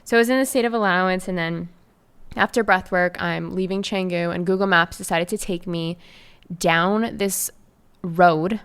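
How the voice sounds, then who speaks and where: A woman's voice: on the low side, normal speed, a bit bright, clear, resonant tone. A young woman from Canada hosting her own podcast, telling a story in a chatty, effusive way with many fillers. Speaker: podcast host and life coach. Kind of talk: casual solo podcast storytelling.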